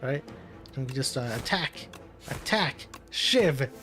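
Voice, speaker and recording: A man's voice: medium pitch, fairly quick, a bit bright, faint music behind. A man casually commenting on his own card game as he plays, talking himself through each move, muttering and laughing at setbacks. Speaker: gaming commentator. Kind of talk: casual let's-play commentary.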